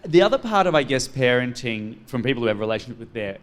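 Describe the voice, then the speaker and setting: A man's voice: mid-range voice, very animated, quick pace. A man hosting a live podcast on stage, telling stories in a camp, theatrical way. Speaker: podcast host.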